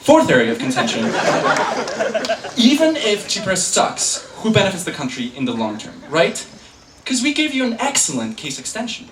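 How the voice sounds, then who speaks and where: A young man giving a competitive debate speech in a hall, quick and sarcastic, drawing laughs from the room. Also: high voice, a bit bright. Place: lecture hall. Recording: echoey hall, distant mic, faint room noise.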